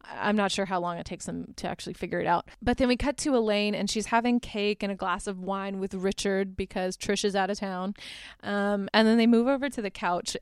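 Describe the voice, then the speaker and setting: A woman's voice: mid-range voice, smooth, no room sound, studio quality. A woman hosting a podcast, casually recapping a movie in a chatty, amused way with lots of filler words. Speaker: podcast host.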